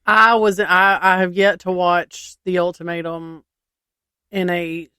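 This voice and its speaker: A woman co-hosts a casual podcast, speaking hesitantly with frequent fillers and restarts. Her voice is smooth and clear, recorded on a dry close mic. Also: on the low side, little pitch movement, takes it slowly, pushed and bright, dry recording. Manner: hesitant, full of ums and restarts. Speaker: podcast co-host. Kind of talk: casual chat.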